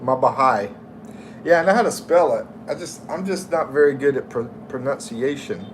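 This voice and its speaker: Over background noise, a middle-aged man from the United States hosts a laid-back livestream in an animated, mid-range voice. He speaks slowly and warmly, reading out viewer names and comments as he chats.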